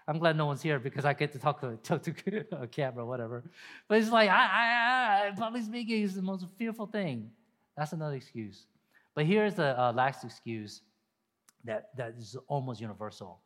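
A man preaching a sermon to a camera, animated and acting out people's excuses in quoted voices. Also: medium pitch, moderate pace, big-room sound. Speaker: pastor. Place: empty room with long reverb.

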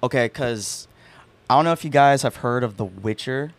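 A man's voice: medium pitch, moderate pace, no room sound. A young man, a podcast guest, telling a story in a rambling casual chat full of fillers and restarts. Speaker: podcast guest, haunt performer.

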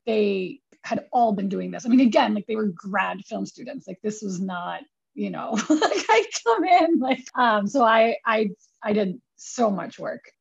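A woman's voice: medium pitch, expressive, measured pace, gravelly, husky. A young woman, a film producer, chatting as a guest in a casual, self-deprecating way, full of "like", in a dull lo-fi recording. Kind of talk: casual interview storytelling.

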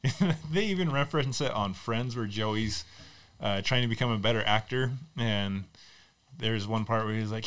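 A man's voice: fairly low pitch, fairly bright tone. Man, casual podcast chat, wry quips, easygoing. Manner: quick quips, wry jokes. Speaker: podcast co-host.

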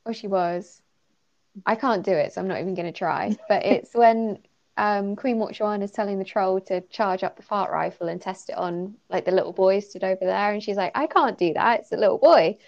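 A young British woman co-hosts a podcast, chatting casually about a story she enjoyed, giggling often and leaning on fillers. Her mid-range voice is gravelly and darkish, with fairly even intonation and a moderate pace. The recording is slightly muffled and lo-fi.

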